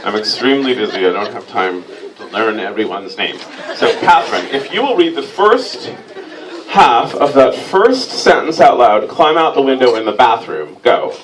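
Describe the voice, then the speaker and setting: A man hosting a comic stage reading, teasing his volunteers in a dry, mock-pompous deadpan. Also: mid-range voice, normal speed. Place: stage before a live audience. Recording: distant mic, loud crowd laughter and noise.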